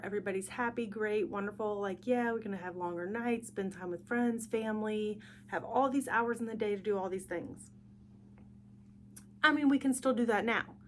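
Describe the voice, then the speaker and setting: A woman's voice: medium pitch, slight background noise. A young woman hosting a casual solo podcast, tired and yawning, chatty and reflective. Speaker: podcast host.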